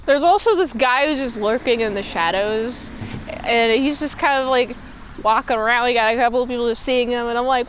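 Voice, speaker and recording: High-voiced woman rambling through a recap. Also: normal speed, slight background noise, rough recording. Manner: rambling, filler-heavy chat. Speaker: show reviewer. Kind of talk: casual episode recap.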